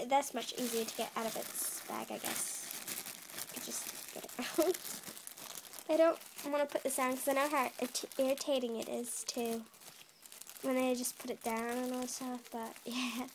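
A woman's voice: sits high, fairly bright tone, slight background noise. A teenage girl unboxing a package, giddy, exclaiming and laughing again and again. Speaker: vlogger. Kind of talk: unboxing video. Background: plastic crinkling.

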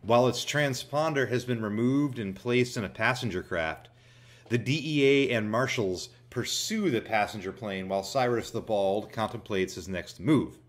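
A man giving a jokey movie review, recapping the plot with sarcasm and plenty of irreverent asides. His pitch sits in the middle range. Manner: sarcastic, irreverent, laughs at his own jokes. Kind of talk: comedic movie review narration.

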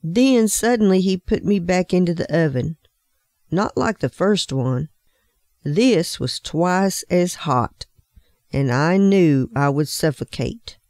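Earnest talking teacup, once plain clay, woman reading, slow, a bit high, dry close sound. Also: lively intonation, darkish tone, no room sound. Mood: recounting.

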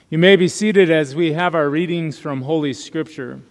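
A man leading a worship service, praying and reading scripture aloud in a measured, formal cadence. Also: fairly high pitch. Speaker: worship leader. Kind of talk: liturgical prayer and scripture reading. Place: church sanctuary. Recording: long church reverb.

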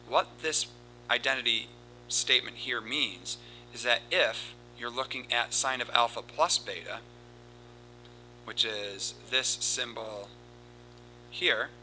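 A man teaching a recorded math lesson, explaining steps in a steady, explanatory way and reciting formulas in a rhythmic cadence. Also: medium pitch, a little hiss or hum, low-quality recording. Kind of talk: recorded lesson with board work.

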